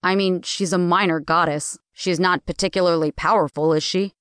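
An earnest young man who gets easily discouraged, as a woman narrator voices him in an audiobook. His voice sits a little low, smooth and dry. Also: normal speed, no echo, close to an everyday voice. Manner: eager, then flat and defeated.

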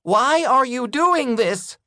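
An audiobook narrator voicing a small, frightened male alien who talks in a high, pleading voice. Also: huge pitch swings, extremely slow, darkish tone, dry recording, studio quality, heavily acted. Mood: terrified.

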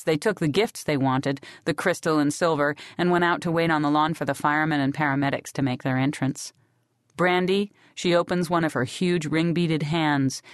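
Low-voiced woman narrating an audiobook. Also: fairly even intonation, normal speed, no echo, studio quality. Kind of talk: scripted first-person narration.

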